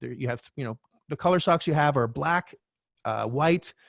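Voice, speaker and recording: A middle-aged man, a real estate coach, telling a candid personal story as a podcast guest, animated and swearing now and then. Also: medium pitch, moderate pace, vocal fry, no echo, studio quality. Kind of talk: storytelling interview talk.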